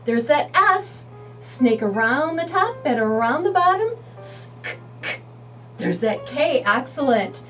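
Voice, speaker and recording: A woman teaching young children to read, sounding out letters and words slowly and encouragingly. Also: sits high, very animated, distant mic, soft background music. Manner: slow, sing-song, sounding out letters. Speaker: early reading teacher. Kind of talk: children's phonics lesson.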